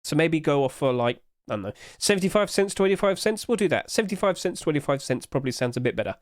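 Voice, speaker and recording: A man's voice: on the high side, animated, quick pace, dry recording, clean studio sound. A man chatting casually to his live-stream audience, humming little filler noises as he clicks through pages.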